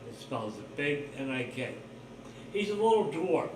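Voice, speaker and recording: A man's voice: a little high, very animated, a little slow, distant mic, background noise. A man hosting his own livestream, talking in a rambling, blunt, profane monologue full of suspicion. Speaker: livestream host. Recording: roomy echo, voice off-mic, faint ambience.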